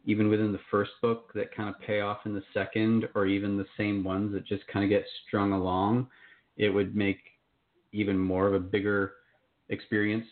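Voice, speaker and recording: A man's voice: on the low side, completely flat delivery, normal speed. Upbeat man on a tinny line. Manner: upbeat, casual, enthusiastic. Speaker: author, interview guest. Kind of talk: casual interview chat.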